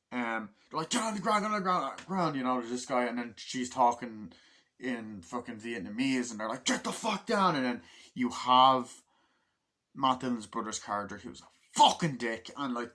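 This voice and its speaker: Rambling, sweary man reviewing a film. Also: mid-range voice. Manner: rambling, swears a lot, acts out quotes in a raised shouting voice. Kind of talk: casual spoken film review.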